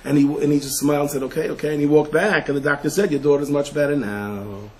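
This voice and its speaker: Animated rabbi, hushed then shouting. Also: male voice, on the high side, quick pace, poor audio. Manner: storytelling, swinging from hushed asides to raised, shouted emphasis; mixes Hebrew and Yiddish terms into English. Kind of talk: Torah lecture.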